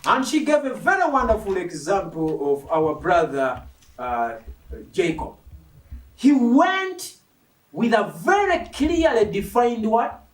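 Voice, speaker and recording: A male preacher gives an animated, emphatic sermon, often putting questions to the congregation, his pitch rising and falling widely as he takes it slowly. He's miked from a distance, and the hall echoes.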